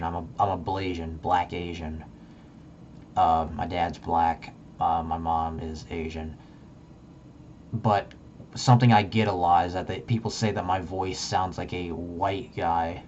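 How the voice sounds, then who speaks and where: Low-voiced young man telling a story. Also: a little mellow. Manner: rambling, profane, heavy use of "like". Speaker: vlogger. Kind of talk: casual storytelling. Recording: muffled lo-fi with faint background noise.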